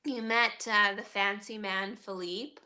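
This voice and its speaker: A woman's voice: medium pitch, steady tone, measured pace, sharp tone. A woman co-hosting a podcast, recapping a tabletop game session in rambling casual chat with lots of fillers and laughs. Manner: rambling, many fillers and restarts, laughing often. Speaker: podcast co-host and game master.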